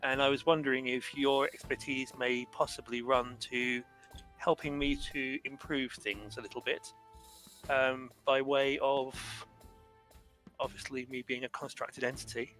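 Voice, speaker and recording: A man's voice: medium pitch, flat delivery, sharp tone, soft background music. A man voicing an ancient male warforged construct who speaks in a formal, roundabout way. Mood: courteous. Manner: formal, measured, politely roundabout.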